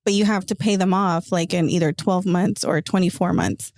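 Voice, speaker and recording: Animated woman host, dry close sound. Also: lowish voice, normal speed, no echo. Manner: animated storyteller, acts out friends' quotes. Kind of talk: casual conversational chat.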